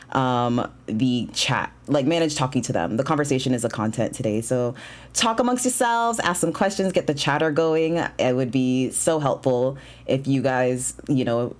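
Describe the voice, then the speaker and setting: A man hosting a casual livestream talk show, bubbly and excitable, chatting and greeting viewers. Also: medium pitch. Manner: bubbly and excitable, with bursts of shouting and laughter.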